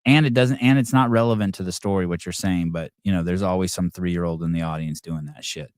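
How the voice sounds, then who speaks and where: A man's voice: low voice, fairly quick, few pauses, no echo, clean studio sound. A man hosting a live call-in podcast, rambling in a sarcastic, profane way. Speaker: podcast host.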